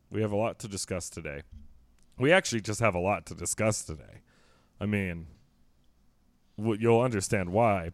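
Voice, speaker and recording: A man's voice: on the low side, no echo. Dry, wry-voiced male podcast host. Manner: wry, mock-serious riffing. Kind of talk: casual comedic chat.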